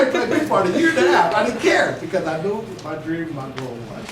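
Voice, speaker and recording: A middle-aged motivational speaker from Oakland, California, addresses students in what seems to be a school hall or classroom. He tells stories animatedly, acting out his own dialogue and laughing often, in a high-pitched voice that moves fast with few pauses. The room echoes, he stands far from the camera, and the recording is noisy.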